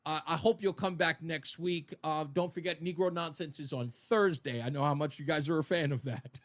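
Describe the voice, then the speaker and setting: A man hosting a radio talk show, chatting casually with a loud, booming, animated delivery in a studio. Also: moderate pace. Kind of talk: casual on-air banter.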